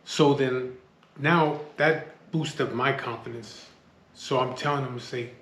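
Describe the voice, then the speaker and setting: A man's voice: medium pitch, fairly even intonation, slow, a bit bright, roomy sound. A man telling a tense personal story in casual speech, blunt and full of swearing, often restarting his sentences. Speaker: storyteller recounting a street standoff.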